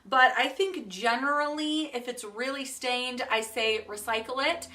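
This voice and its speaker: A woman in her thirties chatting casually in a home vlog, upbeat and quick to laugh, sorting through her things. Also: high voice, bright, forceful tone, distant mic. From Utah. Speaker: home organizing vlogger.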